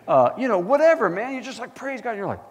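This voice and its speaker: A man preaching a sermon as pastor, animated and asking the congregation questions. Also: high voice, fast talker, long reverb tail. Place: church.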